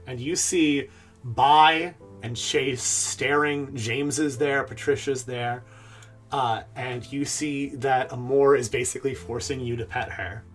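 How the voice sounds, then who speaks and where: A man's voice: mid-range voice, steady tone, slow pace, soft background music. A man running a tabletop game as game master, narrating in a loose, hesitant way with fillers.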